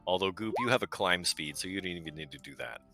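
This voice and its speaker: A man narrating a tabletop game as game master, giving measured descriptions with casual asides. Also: sits low, lively intonation, gravelly, sharp tone, faint music behind.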